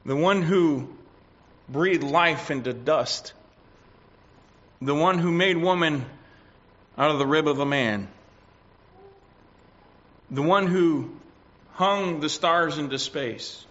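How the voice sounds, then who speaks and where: A man preaching a sermon, swinging between loud declarations and quiet asides. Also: a little high, slow pace, pauses often. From United States. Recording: dull lo-fi recording.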